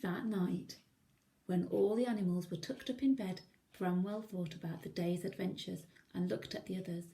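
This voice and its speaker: Gentle woman reading a storybook. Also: fairly low pitch, moderate pace, vocal fry. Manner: gentle, pointing out the pictures. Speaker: primary school teacher. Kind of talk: reading a picture book aloud.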